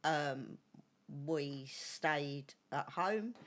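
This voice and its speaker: A woman with a Cockney accent co-hosting a podcast, talking in a halting way with plenty of fillers and giggles. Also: low voice, fairly bright tone. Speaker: podcast co-host. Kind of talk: casual podcast chat.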